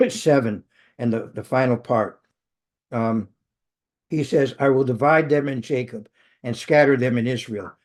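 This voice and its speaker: A man's voice: medium pitch, darkish tone. A man teaching a Bible study to a live group. He often restarts and corrects himself mid-sentence and stops to check that his listeners are following. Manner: many restarts and self-corrections, engaging; checks in with the audience.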